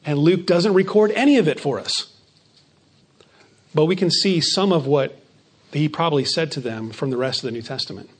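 Higher-voiced man preaching a sermon. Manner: emphatic preaching, slows on key phrases and drops softer. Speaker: pastor.

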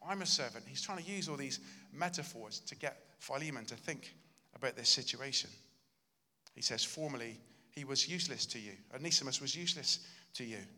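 A man's voice: medium pitch, a little fast, bright, forceful tone, long reverb tail. A male pastor preaching a sermon, earnest and emphatic, acting out the lines he quotes.

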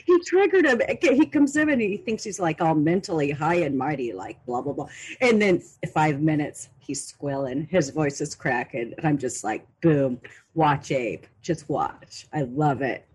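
A woman who moderates a stream's chat, talking in an animated, excitable way and laughing often. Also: low-pitched, moderate pace, breathy edge. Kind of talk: casual chat.

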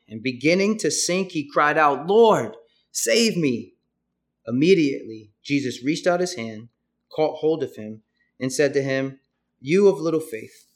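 Earnest young man preaching a sermon. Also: mid-range voice. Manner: earnest, conversational, with casual asides. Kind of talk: sermon with scripture reading.

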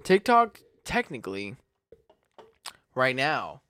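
A man's voice: medium pitch, wildly swooping pitch, takes it slowly, bright, forceful tone, a little hiss or hum. Blunt, swearing man in casual chat. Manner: blunt, profane, laughs often. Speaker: podcast co-host.

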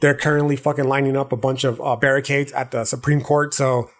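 A man's voice: mid-range voice, little pitch movement, brisk. A man hosting a podcast, talking through philosophy in a loose, profane, slangy monologue that keeps checking in with the listener. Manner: profane, slangy, loose street-talk delivery; frequent restarts and check-ins like "okay" and "right". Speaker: podcast host.

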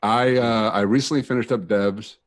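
A man's voice: lowish voice, steady tone, moderate pace. A man appearing as a guest on a podcast, speaking hesitantly with many fillers in casual chat.

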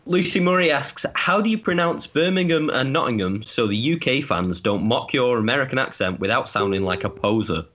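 A man's voice: mid-range voice, expressive, brisk, few pauses, fairly bright tone, dull audio. A man co-hosting a casual podcast, reading out fan questions and teasing his partner with jokes and swearing.

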